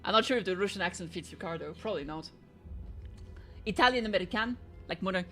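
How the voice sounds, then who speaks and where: A woman's voice: fairly low pitch, animated, fast talker, pushed and bright, soft background music. A woman streamer reading game dialogue aloud in a casual playthrough, joking that she can't do accents. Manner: reads dialogue aloud, jokes about not doing accents.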